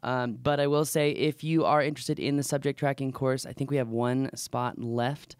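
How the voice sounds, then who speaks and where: A man's voice: mid-range voice, steady tone, moderate pace, clean tone, dry recording, studio quality. Male podcast co-host, clean resonant tone, rambling casual delivery. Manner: rambling, trails off with fillers.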